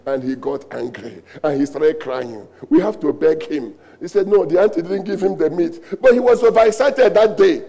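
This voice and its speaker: Pastor, Nigerian-accented man, high voice with a gravelly edge; emphatic sermon delivery, lots of repetition. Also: expressive, unhurried, warm tone. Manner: emphatic preaching with rhetorical questions and repetition.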